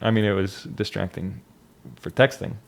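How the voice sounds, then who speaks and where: Young man, slightly low voice; loose, reflective monologue with frequent restarts. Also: fairly even intonation, moderate pace, gravelly. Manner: reflective, rambling with restarts and fillers. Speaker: vlogger. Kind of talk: casual personal monologue.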